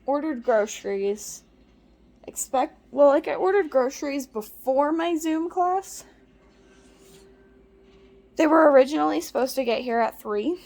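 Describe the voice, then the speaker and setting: A woman's voice: expressive, a little slow, long pauses, darkish tone. Chatty young woman vlogging at home. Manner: chatty, playful, talks to her cat in a squeaky baby voice. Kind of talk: casual vlog narration. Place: home kitchen.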